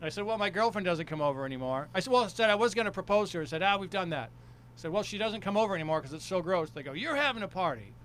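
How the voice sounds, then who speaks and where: A man from Detroit tells stories with a dry, deadpan delivery, his voice sitting fairly high. There is a faint hum underneath the recording. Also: rapid-fire. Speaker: stand-up comedian guest. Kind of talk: casual podcast chat.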